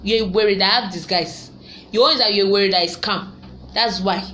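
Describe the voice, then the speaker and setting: A woman's voice: mid-range voice, moderate pace, fairly bright tone, a little hiss or hum. A young Nigerian woman with a Nigerian accent, chatting animatedly and preaching about love and relationships, laughing often and slipping into pidgin. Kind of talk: casual chat commentary.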